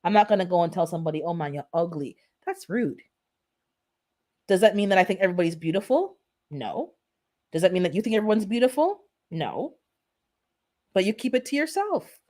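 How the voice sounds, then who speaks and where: A woman hosts her own channel and talks to her viewers in a loose, off-the-cuff live-stream chat. She is blunt and sarcastically funny, and she rambles from one point to the next. Her voice sits at an ordinary middle pitch. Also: very animated, a little fast, long pauses, darkish tone. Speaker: gardening channel host.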